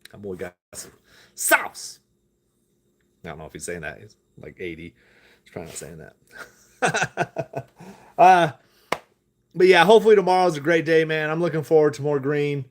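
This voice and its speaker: A man's voice: a little high, big pitch swings, moderate pace, long pauses, a little hiss or hum. Profane rambling American man. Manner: loose, profane, laughing asides. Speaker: stock-talk vlogger. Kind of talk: rambling live stream chat.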